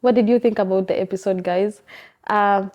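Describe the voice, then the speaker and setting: A woman's voice: medium pitch, fairly even intonation, normal speed, darkish tone, dull audio. A young Kenyan woman hosting a podcast, chatting casually as she recaps a film and switches between slang and English. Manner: mixes Swahili slang and English. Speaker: podcast host.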